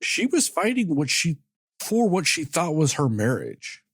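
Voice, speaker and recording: Male podcast co-host, husky and dry-miked, excitable, salty language. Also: fairly high pitch, unhurried, no echo. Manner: animated, swears freely, acts out characters' lines. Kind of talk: casual movie review chat.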